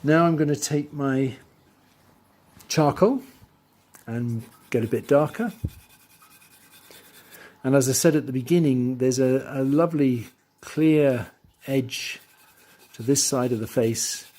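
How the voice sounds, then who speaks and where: A man teaching drawing, talking through his steps as he works and trailing off quietly into asides. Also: medium pitch, slow, long pauses. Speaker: art teacher. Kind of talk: drawing tutorial voice-over.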